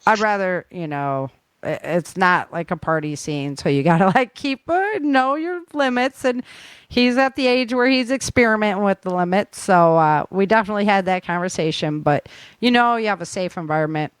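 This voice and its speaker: A woman's voice: medium pitch, lively intonation, moderate pace, clean tone, dry recording. A middle-aged woman in a casual chat, telling stories with a laugh. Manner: chatty, laughing storyteller. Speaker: author and camp instructor.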